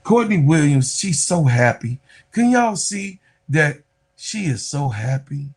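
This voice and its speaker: A man with a high, husky voice talks through women's basketball like he is chatting with friends. He stays animated and speaks straight to his viewers. Every few moments he drifts off into an aside. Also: slow. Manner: animated, addresses viewers directly, trails off into asides. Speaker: sports commentator. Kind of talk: casual basketball commentary.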